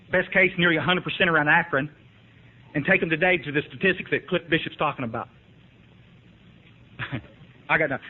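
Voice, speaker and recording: Guy sharing at a recovery meeting, talks quick, slightly high voice, phone-thin tape. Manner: folksy, emphatic storytelling, asks the room. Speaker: recovery speaker. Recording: tinny lo-fi archive tape.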